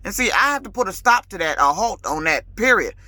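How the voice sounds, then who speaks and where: A woman with a bright, forceful, mid-range voice talks a little fast with lively intonation and no echo. She's a lease-purchase truck driver ranting casually to her vlog audience, emphatic and authoritative, her voice rising as she gets heated, using colloquial talk and repeating words.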